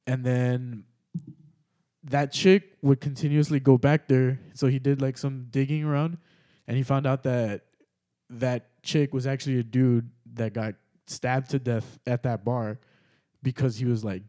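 A man's voice: medium pitch, steady tone, unhurried, warm tone. A young man hosting a podcast, casually telling a story with many fillers and frequent swearing. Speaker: podcast host.

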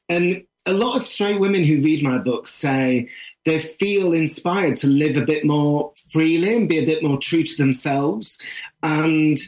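A man with a northern English accent whose voice sits a little high for a man. He talks in an interview with animated, emphatic energy, telling his story with plenty of push. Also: a little slow. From northern England. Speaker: author. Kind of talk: interview conversation.

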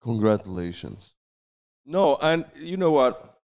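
A man co-hosting a podcast, speaking earnestly in casual chat, halting and restarting his thoughts. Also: mid-range voice, sing-song, a little mellow. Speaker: podcast co-host.

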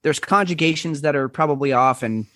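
Podcast host guy, kinda high voice, rambly and wry, dry close sound. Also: fairly quick, fairly bright tone, dry recording. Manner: rambling, with frequent restarts and wry asides. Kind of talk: casual podcast chat.

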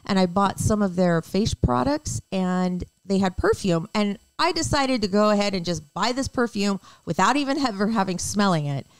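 A middle-aged woman co-hosting a podcast, chatting casually, getting excited and laughing often. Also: mid-range voice, normal speed, hardly any pauses, smooth, dry recording. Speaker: podcast co-host. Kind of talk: casual chat.

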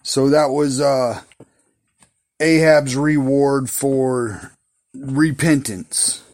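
A man's voice: medium pitch, steady tone, drawn-out words, darkish tone. A man casually retelling Bible stories in a rambling, folksy, slangy way. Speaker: Bible storyteller.

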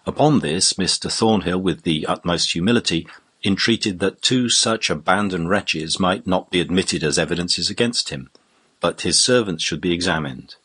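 A male audiobook narrator reading a classic novel in a measured, storytelling way. His voice is very deep and husky. The pacing stays even and unhurried throughout. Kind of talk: scripted narration.

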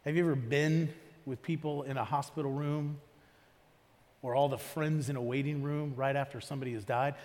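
A man's voice: medium pitch, fairly even intonation, moderate pace, darkish tone, big-room sound. A male pastor preaching a sermon in a conversational way, often asking the congregation questions. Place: church auditorium.

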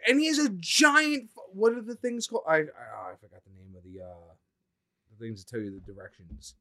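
Dude ranting about an anime movie, swears nonstop, bright sharp voice, bouncy pitch. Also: male voice, animated, brisk. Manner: blunt, heavily profane and indignant. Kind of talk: casual chat about an anime film.

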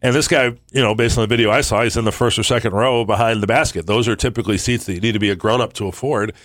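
Low-voiced male sports radio host. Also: fairly even intonation, fairly bright tone, no room sound, clean studio sound. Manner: halting, many fillers and restarts. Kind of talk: casual sports radio chat. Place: radio studio. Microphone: studio mic.

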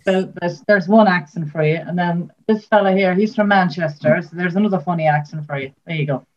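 A woman's voice: fairly low pitch, brisk. An Irish woman chats in an interview, friendly and teasing. Her voice sounds a little dull and lo-fi. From Ireland. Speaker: musician guest. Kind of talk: casual interview chat.

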